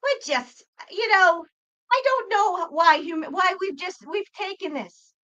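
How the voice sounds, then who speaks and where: High, bright-voiced swearing woman. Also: measured pace, dull audio. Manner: profane, exasperated ranting; talks back to chat viewers. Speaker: psychic livestream host. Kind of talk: livestream chat.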